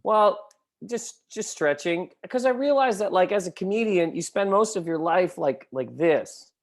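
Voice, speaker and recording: A comedian in casual panel chat, talking in a wry, self-deprecating way. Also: male voice, sits high, lively intonation, a little slow. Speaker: comedian guest.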